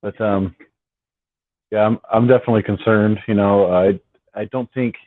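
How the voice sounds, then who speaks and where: A man with a lowish voice hosts a relaxed late-night fan live stream, rambling along and often restarting his words. The sound is thin and phone-like, with no room echo at all. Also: normal speed. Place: at home on the West Coast. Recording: dry, tinny phone-like sound.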